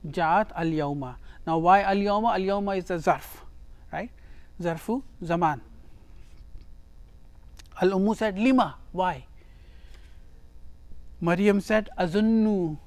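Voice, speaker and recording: Patient grammar teacher, repeats key words, unhurried delivery, dead-dry sound. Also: mid-range voice, darkish tone, no room sound. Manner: reads a phrase, then translates and explains it step by step; repeats words and phrases for emphasis. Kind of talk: Arabic grammar lesson.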